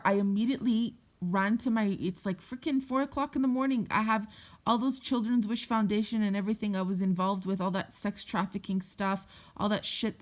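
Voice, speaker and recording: Brief: woman vlogger, intense emotional storytelling, swears often, mid-pitched voice. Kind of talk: personal storytime vlog.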